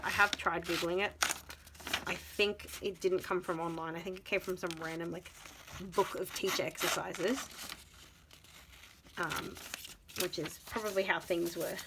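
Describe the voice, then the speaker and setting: A woman's voice: fairly low pitch, noisy background. Rambling woman, casual vlog. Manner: rambling, incredulous, laughing asides. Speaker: vlogger. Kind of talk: casual chat to camera.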